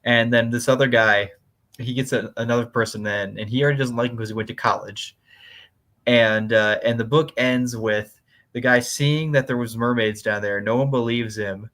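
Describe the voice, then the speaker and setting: A young man co-hosting a casual comics chat, rambling with lots of fillers and quick laughs. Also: mid-range voice, steady tone, a bit bright. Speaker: podcast co-host.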